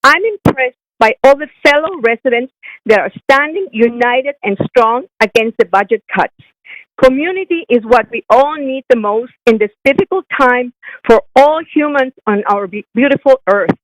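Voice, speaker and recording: Calling in by phone, a middle-aged swim coach gives an earnest, prepared public comment at a council meeting, restarting slightly here and there as she reads. Her voice is high-pitched, and the recording is dry and low in quality.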